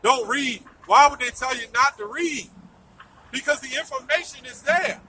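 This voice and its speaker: A man's voice: very high voice, moderate pace, sharp tone, distant mic, slight background noise, low-quality recording. A man preaching in a street debate, emphatic, asking questions and repeating his phrases.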